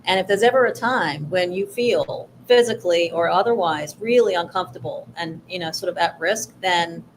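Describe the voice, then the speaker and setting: Low-voiced woman giving measured advice. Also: a little hiss or hum, low-quality recording. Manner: measured, advisory, with many "you know" fillers. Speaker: workshop co-host. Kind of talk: workshop talk on pitching investors.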